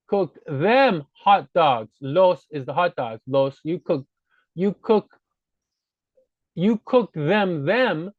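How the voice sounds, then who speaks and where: Man, slightly high voice, casual teacher, self-correcting, dry lo-fi recording. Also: no room sound. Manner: casual, explanatory, frequent self-corrections and "right?" checks. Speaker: Spanish teacher. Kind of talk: screen-recorded grammar lesson.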